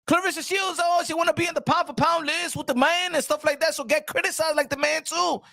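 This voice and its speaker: A man hosting a solo boxing talk show, loud and playful, repeating his lines in mock outrage and tossing in Spanish phrases. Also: very high voice, fairly even intonation, brisk, gravelly, no echo, studio quality.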